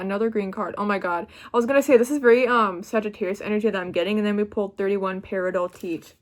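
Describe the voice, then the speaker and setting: A young woman giving a pick-a-card tarot reading, chatty and excitable, often breaking off mid-word. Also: mid-range voice. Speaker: tarot reader.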